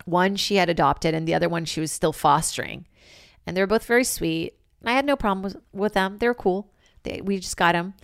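A woman in her thirties hosts a podcast and tells a wild story in loose, profane chat, with "like" in almost every sentence. Her voice sits on the low side for a woman. The sound is close and dry. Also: a little fast, creaky, clear, resonant tone, dry recording. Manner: animated, profane, filler-heavy with lots of "like". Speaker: podcast host. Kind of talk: casual comedic storytelling.

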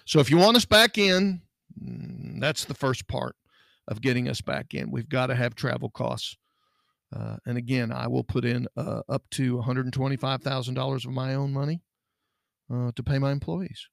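Middle-aged man with a gravelly voice, folksy and earnest podcast host, dry close sound. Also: medium pitch, level tone, normal speed, no room sound. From Texas. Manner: folksy, earnest, rambling with restarts. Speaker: podcast host, private investigator. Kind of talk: casual podcast talk.

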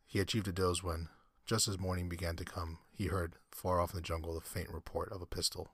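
A man reading a short story aloud as an audiobook, in a measured storytelling manner. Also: sits low, level tone, fairly bright tone, slightly rough, dry recording. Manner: measured storytelling with occasional restarts. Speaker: narrator.

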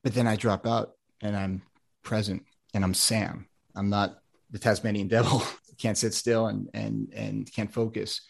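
A man's voice: on the low side, little pitch movement, a little slow, vocal fry, slightly rough. An American man, an ADHD coach, talking in a casual podcast interview, rambling with many restarts and plenty of enthusiasm. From United States.

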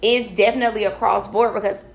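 A woman chatting candidly as a podcast co-host, telling animated stories with quoted asides. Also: mid-range voice, fast. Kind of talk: casual chat.

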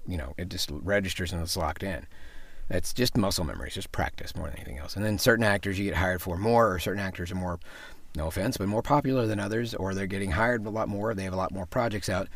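A man working as a voice actor and impressionist, telling stories in a casual interview, chatty and quick to laugh. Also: low-pitched, fairly bright tone, dry recording. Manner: chatty, laughs often, acts out quoted voices.

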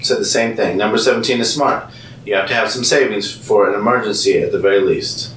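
A man's voice: on the low side, fairly quick, fairly bright tone, far from the mic. A man co-hosting a podcast, reading listener comments aloud and joking wryly, chuckling often. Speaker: podcast co-host. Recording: echoey room, off-mic, faint noise.

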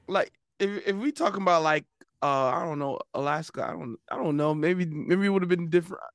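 Male co-host, high and lively voice, quizzical banter, dry close sound. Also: fairly quick, no echo. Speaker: podcast co-host. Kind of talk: casual podcast chat.

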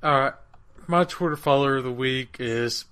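A man's voice: mid-range voice, moderate pace, a bit bright, smooth. A man hosting a casual podcast, loose and swearing freely. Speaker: podcast host. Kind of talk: casual chat.

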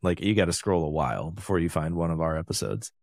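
A man with a notably low voice co-hosts a podcast, talking in a loose, rambling way with plenty of fillers and easy laughter. The sound is close and dry, with no room around it. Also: quick pace, gravelly, a little mellow, no room sound. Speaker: podcast co-host. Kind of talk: casual chat.

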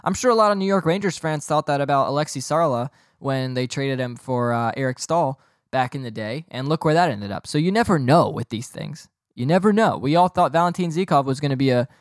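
Joking, boastful young podcast host. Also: male voice, mid-range voice, no echo, studio quality. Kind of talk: casual podcast monologue.

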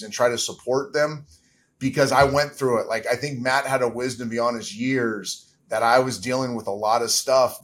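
Man, middle-aged, interview guest, candid, reflective, emotional at moments. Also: mid-range voice. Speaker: interview guest, former quarterback.

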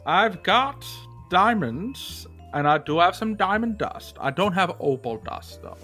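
An easygoing old shopkeeper, played by a game master at a tabletop game, drawling and hesitant, full of uhs, with an odd, homely accent. His pitch rises and falls freely while he stays in the middle register, and faint music plays behind him. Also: sing-song, moderate pace, fairly bright tone. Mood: folksy.

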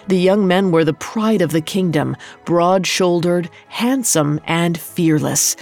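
Woman reading a fairy tale, lowish voice, soft music under it. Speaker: storyteller. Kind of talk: scripted narration.

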